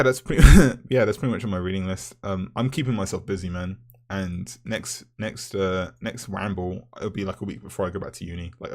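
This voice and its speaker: A young man, a university student, rambling and ranting in a vlog with lots of swearing and filler words, his voice rough from the morning. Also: low voice. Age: young adult.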